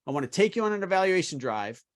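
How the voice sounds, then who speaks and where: A middle-aged man delivers a sales training lesson in a voice pitched a little high for a man. He coaches with energy and emphasis, often lifting the ends of his phrases. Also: very animated, fast. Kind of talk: instructional talk to car salespeople.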